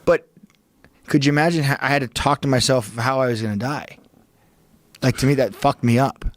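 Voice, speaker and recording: Man, podcast guest, intense profane storyteller, mid-pitched voice, dry close sound. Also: a little fast, no echo. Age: adult father. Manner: intense, heavily profane, talks to himself in quoted self-talk. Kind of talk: animated storytelling. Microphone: studio podcast mic.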